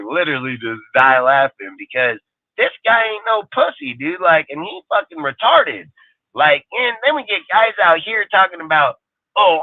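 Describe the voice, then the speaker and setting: A mid-range male voice, with no echo, belongs to a fan live show host in the middle of a heated, profanity-heavy rant. The recording sounds tinny and dry, like a phone.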